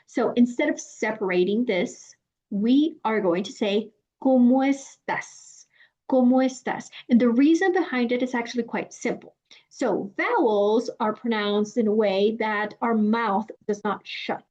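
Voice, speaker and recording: A young woman with a Mexican Spanish accent teaching a lesson, speaking clearly and deliberately and drawing out her example phrases. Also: mid-range voice, darkish tone. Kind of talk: explanatory lesson. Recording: dull lo-fi sound.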